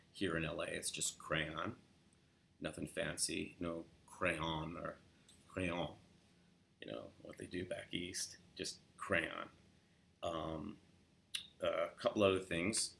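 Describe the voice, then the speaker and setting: A man's voice: low-pitched, vocal fry, a little hiss or hum. A man from Los Angeles with a Southern California accent, casually teaching the local way of saying words with example sentences. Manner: relaxed, demonstrates words in quoted example sentences. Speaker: accent tutor. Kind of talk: casual spoken accent lesson.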